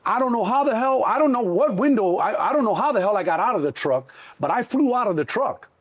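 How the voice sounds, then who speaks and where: Husky-voiced man telling a wild story. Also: high voice, quick pace. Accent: Chicago. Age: middle-aged. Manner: animated, acts out voices, swears freely. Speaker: interview guest. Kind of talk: casual storytelling.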